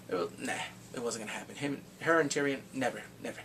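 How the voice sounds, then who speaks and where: A man giving an excited, casual recap of a TV episode, often breaking into loud whoops and shouts. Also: medium pitch, fast talker. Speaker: TV show reviewer. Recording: distant mic, faint background hiss.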